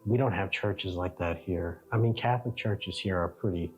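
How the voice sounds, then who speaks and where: An American man, a travel vlogger, telling a rambling, animated story in casual chat. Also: sits low, normal speed, muffled recording, soft background music. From United States.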